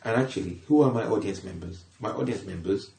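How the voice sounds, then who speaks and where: 低く、かすれた声の中年男性. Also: male voice, fairly low pitch, fairly quick, gravelly, roomy sound, slight background noise. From England. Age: middle-aged. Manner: animated, repeats himself, sudden loud rises. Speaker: comedian guest. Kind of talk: casual podcast conversation.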